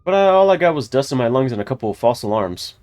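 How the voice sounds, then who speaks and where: A man's voice: medium pitch, big pitch swings, quick pace, darkish tone, natural voice. A man voicing a cheerful young woman streamer who longs to find ghosts. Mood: eager.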